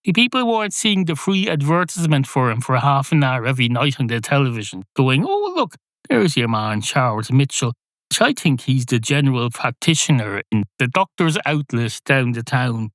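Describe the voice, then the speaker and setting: A man's voice: medium pitch, a little fast, few pauses, fairly bright tone, no room sound. Sardonic rambling man, dry close sound. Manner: digressive, sardonic, self-correcting. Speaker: podcast host. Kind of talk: rambling comic monologue.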